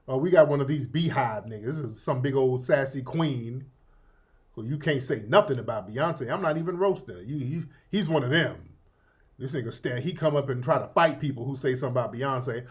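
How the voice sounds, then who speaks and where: A man's voice: mid-range voice, animated, moderate pace. A middle-aged man hosting a casual livestream commentary, profane and joking, laughing often. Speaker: host.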